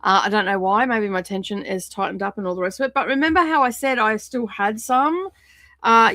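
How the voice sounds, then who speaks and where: A woman hosts a casual craft livestream from her home craft space, rambling as she explains what she's doing. Her voice is mid-range with a sharp tone, at normal speed, with no echo.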